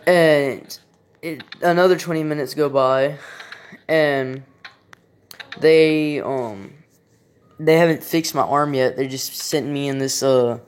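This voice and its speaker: A man's voice: a little high, slow, long pauses, clear, resonant tone. Rambling, profane young man telling a story. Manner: rambling, profane, frequent restarts and fillers. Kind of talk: casual personal anecdote.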